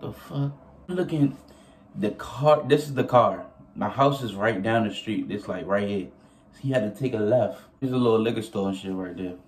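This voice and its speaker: A young man telling a story casually to his viewers, animated and profane, often laughing as he goes. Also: on the low side, moderate pace. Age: young adult. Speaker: vlogger.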